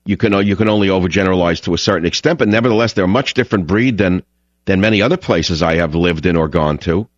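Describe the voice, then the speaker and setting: A man's voice: low-pitched, fast talker, dry recording, dull audio. A middle-aged man with a New York accent hosting a call-in radio show, talking in a direct, opinionated way and restarting his words. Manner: direct, opinionated, repeats words when starting. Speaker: radio talk show host.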